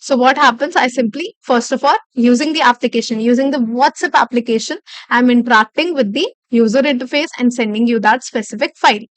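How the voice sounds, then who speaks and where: A woman's voice: fairly high pitch, brisk, no room sound. A woman instructor giving a live online lecture, explaining step by step, repeating key phrases and checking in with "okay".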